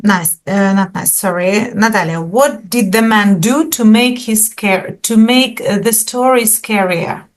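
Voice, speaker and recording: Slow-speaking woman English teacher. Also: medium pitch. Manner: patient, encouraging, asks students questions. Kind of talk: online English lesson. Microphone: video call.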